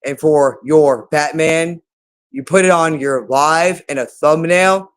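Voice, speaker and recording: A man with a slightly raised pitch speaks straight to his viewers in a rambling monologue. He sounds agitated and accusatory, and he circles back to the same phrases again and again. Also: slow, clear, resonant tone.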